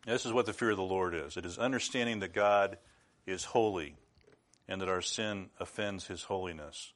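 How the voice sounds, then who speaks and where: A middle-aged man delivers a sermon, his voice sitting low. He speaks earnestly and with measure, then breaks into sudden loud outbursts. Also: normal speed. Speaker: preacher.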